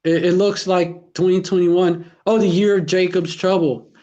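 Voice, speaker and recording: A man's voice: high-pitched, fairly even intonation, moderate pace, warm tone, lo-fi sound. A man talking slangily and animatedly in casual chat.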